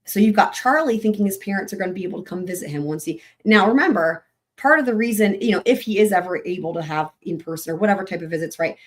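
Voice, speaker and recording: A woman's voice: medium pitch, lively intonation, fast. A woman hosting a true-crime livestream, her voice still recovering from losing it, talking bluntly and emphatically and swearing freely. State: voice still recovering after a week without it. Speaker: host.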